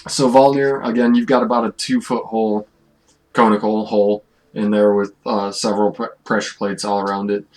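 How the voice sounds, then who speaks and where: A man's voice: on the low side, flat delivery, normal speed, a little mellow, rough recording. A man running a tabletop game as game master, describing the scenes in an easygoing way and laughing often. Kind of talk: narrating a tabletop game over voice chat.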